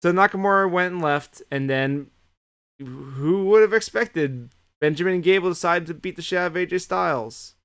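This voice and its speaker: A man co-hosting a podcast, swearing freely in an animated, casual recap of the week. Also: sits high, moderate pace, clean tone. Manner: animated retelling, heavy swearing. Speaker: podcast co-host. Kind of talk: casual chat recapping wrestling.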